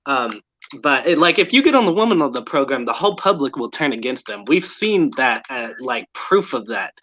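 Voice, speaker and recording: Halting man on a muffled line. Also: medium pitch, big pitch swings, a bit bright. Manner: halting, restarts often. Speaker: panel guest. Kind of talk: casual panel discussion. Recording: muffled lo-fi audio.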